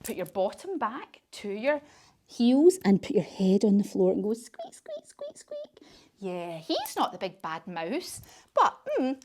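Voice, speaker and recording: Woman, kids yoga teacher, storytelling class, sing-song, encouraging, mid pitch. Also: wildly swooping pitch, a little slow, darkish tone.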